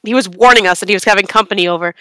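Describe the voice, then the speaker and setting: A young woman on a casual podcast, telling a long story in an animated, rambling way with bursts of laughter. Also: medium pitch, racing, crowd noise. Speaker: podcast co-host.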